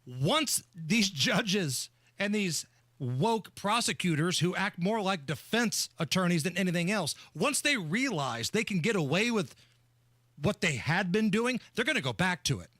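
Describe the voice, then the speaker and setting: A man's voice: high-pitched, big pitch swings, a little slow, bright, forceful tone, dry recording. A man hosting a talk radio show, giving emphatic, opinionated commentary into a studio microphone.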